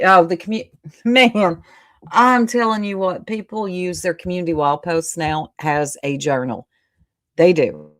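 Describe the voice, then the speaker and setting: A woman's voice: fairly low pitch, no room sound, studio quality. A woman hosting a livestream, chatting casually with her viewers, greeting them by name and laughing often. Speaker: livestream host. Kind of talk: casual chat with live viewers.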